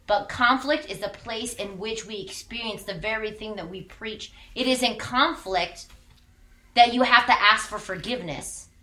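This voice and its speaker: A woman's voice: fairly high pitch, moderate pace, bright, forceful tone, reverberant. A woman pastor in her thirties giving a candid, conversational sermon with emphatic repetition.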